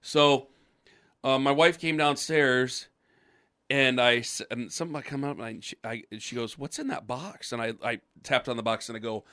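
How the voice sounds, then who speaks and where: A man with a lingering cough co-hosts a podcast, rambling through a casual story with restarts and acted-out voices. He speaks at a moderate pace in a mid-range voice that's sharp, clear and resonant, recorded on a podcast mic.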